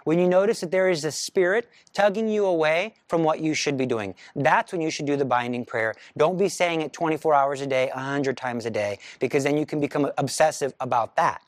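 A man's voice: on the high side, a little fast, hardly any pauses, no room sound. A man giving a spiritual teaching talk, speaking in a firm, emphatic prayer cadence. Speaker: Catholic teacher.

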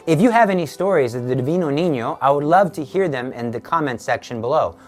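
A man's voice: a little high, lively intonation, fast talker, faint music behind. A man giving an earnest devotional talk, telling stories and asking rhetorical questions. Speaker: Catholic speaker. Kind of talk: devotional teaching with storytelling.

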